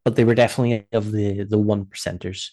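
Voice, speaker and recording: A man's voice: lowish voice, little pitch movement, quick pace, mellow. A man who is a guest on a podcast, chatting casually and dropping wry, joking asides while laughing easily. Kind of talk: casual chat.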